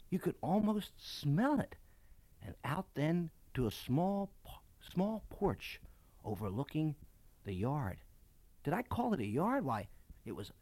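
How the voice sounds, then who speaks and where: Man telling a memoir with lively pitch. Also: no echo. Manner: expressive, dramatic storytelling. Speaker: children's book author. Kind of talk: reading a childhood memoir aloud.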